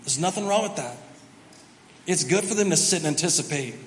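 A man, the pastor, telling a family story during a sermon, animated and self-mocking. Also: fairly high pitch, a little fast. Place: large church auditorium. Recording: reverberant hall, faint background noise.

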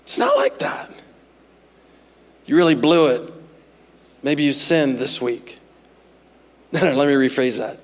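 A man's voice: on the high side, wildly swooping pitch, takes it slowly, long pauses. A man in his forties, a pastor preaching a sermon, telling humorous family stories with asides to the congregation. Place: church sanctuary. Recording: reverberant hall.

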